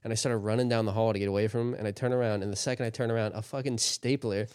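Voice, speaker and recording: A low-voiced man rattles off a crude, joking story fast in casual podcast chat. The sound is dry and close. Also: fairly even intonation, darkish tone, smooth, dry recording. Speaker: podcast co-host.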